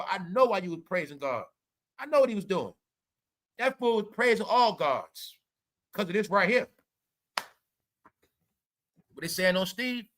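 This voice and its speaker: A man's voice: high voice, fairly bright tone. A man hosting a livestream, ranting profanely about celebrity gossip and calling out viewers. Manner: profane, combative, repeats "all right" and "y'all". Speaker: livestream commentator.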